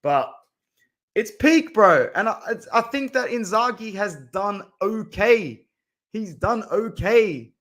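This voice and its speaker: Aussie guy streaming, high voice, rants n swears, calls everyone bro. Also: slow pace. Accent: Australian. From Southwest Sydney, Australia. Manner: animated, swearing, ranting, calls viewers bro. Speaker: football fan streamer. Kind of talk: casual live-stream chat.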